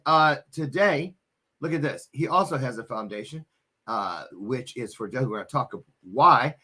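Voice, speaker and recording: Male talk-show host, loose and jokey, bright forward tone. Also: mid-range voice. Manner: chatty, joking, many restarts. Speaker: podcast host. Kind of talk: casual interview chat.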